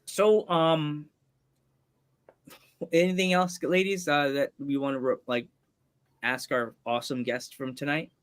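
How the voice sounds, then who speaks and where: A man's voice: on the high side, fairly even intonation, measured pace, long pauses, clean tone, dry recording. A man in his forties hosting a podcast, chatting casually and rambling in a goofy way. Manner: goofy, rambling, slips into impressions. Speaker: podcast host. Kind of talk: casual chat on a live-streamed podcast.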